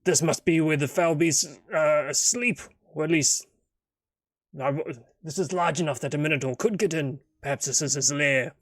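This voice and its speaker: A man voicing a blustery old male dwarf warrior in a solo tabletop game, with a gravelly, raised voice. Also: fairly high pitch, normal speed, fairly bright tone, no echo, clean studio sound. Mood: gruff. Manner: blustery, calls others lad.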